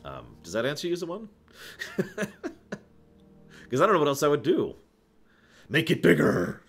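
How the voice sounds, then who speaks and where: A man's voice: a little high, wildly swooping pitch, moderate pace, a bit bright. A man answering viewer questions on a casual live stream, rambling, correcting himself and chuckling as he goes.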